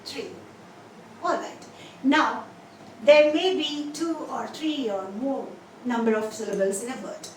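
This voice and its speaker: A woman teaching English pronunciation, asking questions and answering them herself, and repeating example words slowly. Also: high-pitched. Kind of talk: pronunciation lesson. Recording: echoey room, mic a bit distant, faint noise.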